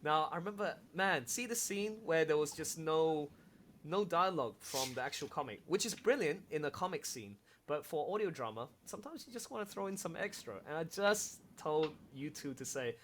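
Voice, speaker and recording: A man directing an audio drama, hosting a casual, excitable watch-along and laughing often as he gushes about scenes. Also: a little high, normal speed, slight background noise. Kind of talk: casual commentary chat.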